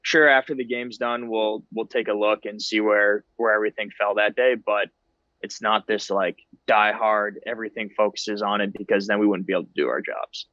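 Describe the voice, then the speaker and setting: A man's voice: lowish voice, steady tone, normal speed, sharp tone, dry recording, highs cut off. A man in his thirties, a guest on a podcast, talking in an easygoing, self-deprecating way. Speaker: guest ballplayer. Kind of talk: casual interview chat.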